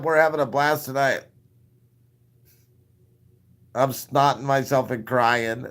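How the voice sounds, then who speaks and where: A man's voice: medium pitch, fairly even intonation, normal speed, a bit bright. A man telling crude, self-mocking stories on a live stream, laughing at his own jokes between coughing fits. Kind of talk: crude comic storytelling.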